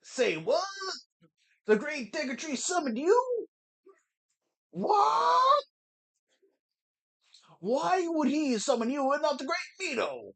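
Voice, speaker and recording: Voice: high voice, big pitch swings, slow, vocal fry, pauses often, fairly bright tone, voice pushed up, heavily acted. A gamer putting on a bad, exaggerated Southern drawl to voice a bossy, boastful forest boy in a fantasy game. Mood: indignant. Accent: exaggerated American Southern. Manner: indignant, blustering.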